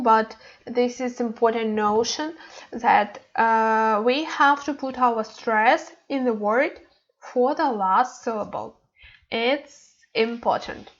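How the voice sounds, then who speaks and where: A woman's voice: fairly high pitch, muffled recording. A woman teaching a Korean language lesson online, speaking hesitantly with many fillers and repeating words for practice.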